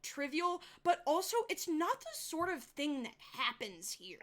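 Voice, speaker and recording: A woman's voice: sits high, sing-song, measured pace, fairly bright tone. A woman running a tabletop game, narrating in a chatty way with many fillers. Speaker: game master.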